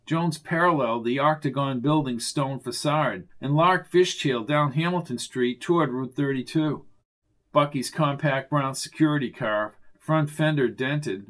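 A man reading a mystery novel aloud in steady, descriptive scripted narration. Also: mid-range voice. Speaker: audiobook narrator.

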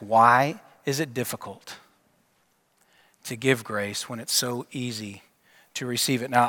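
A man preaching a sermon, telling a story and asking his listeners questions, often dropping to a hushed voice to close a point. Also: medium pitch. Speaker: pastor. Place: church sanctuary. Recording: long church hall reverb.

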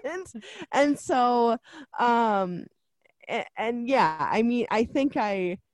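A woman's voice: on the high side, lively intonation, very slow, darkish tone, dry recording. Chatty laughing woman, dry close sound. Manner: chatty, laughing, says "you know what I mean". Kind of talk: casual movie discussion.

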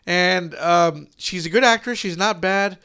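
Man, higher voice, gravelly, casual movie chat, swears, rambling. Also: a little slow, pushed and bright. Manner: loose, profane, rambling with restarts. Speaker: podcast co-host, parent.

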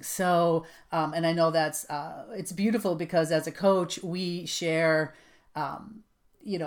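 A woman's voice: sits low, slow. A woman hosting a podcast interview, affirming and encouraging her guest. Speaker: podcast host.

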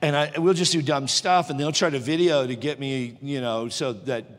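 A middle-aged man preaching a sermon as pastor, moving from joking chat to loud fervent preaching. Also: mid-range voice, steady tone, moderate pace, in a large hall.

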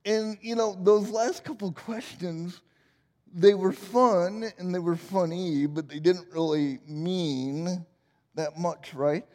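A man's voice: high-pitched, takes it slowly, darkish tone, big-room sound. A man in his forties preaching a sermon as pastor, playful and joking at his own expense. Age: 40s. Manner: playful, self-deprecating humor.

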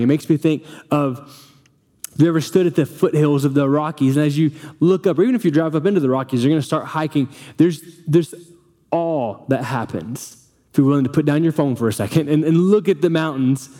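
Young male pastor, earnest sermon voice, somewhat high, mellow. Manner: earnest preaching with reading aloud and restarts.

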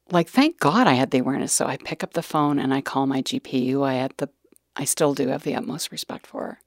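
Middle-aged woman guest, candid storyteller, fry-heavy voice, dry recording. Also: low voice, no room sound. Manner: earnest, dropping to whispered asides. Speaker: nurse educator guest.

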